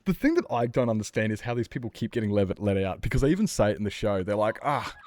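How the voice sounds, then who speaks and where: An Australian man streaming a game, chatting casually in a rambling, sweary, animated way. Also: lowish voice, fast, dry recording. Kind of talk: casual chat while gaming.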